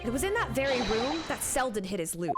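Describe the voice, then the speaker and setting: A woman voicing a calm, sharp young male defense lawyer who lays out his reasoning in a measured way. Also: a little high. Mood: confident. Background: loud game music.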